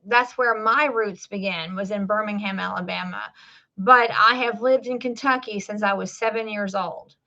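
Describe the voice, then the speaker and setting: A livestream host in her forties from the Southern United States chats casually with a Southern drawl. Her voice is medium-pitched and sharp in tone, with fairly even intonation and a moderate pace, and the recording sounds muffled. She rambles, using many fillers and restarts.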